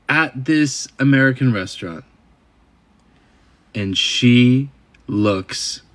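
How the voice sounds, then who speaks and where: A young man telling a comic dating story with deadpan, wry asides. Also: fairly low pitch.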